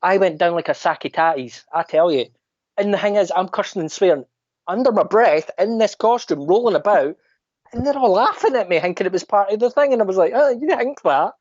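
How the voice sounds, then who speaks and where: Lebhafter schottischer Mann, dumpfer Klang. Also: male voice, high voice, brisk, dry recording. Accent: Scottish. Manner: animated anecdotes, mimics other people's voices. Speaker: podcast guest. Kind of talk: casual storytelling chat. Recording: dull lo-fi dry sound.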